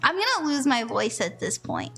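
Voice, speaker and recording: High, giggly tired streamer woman. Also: sing-song, moderate pace, creaky, fairly bright tone. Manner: giggly and sleepy, laughing often. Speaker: streamer doing palm readings. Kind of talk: casual live-stream chat. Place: room with echo.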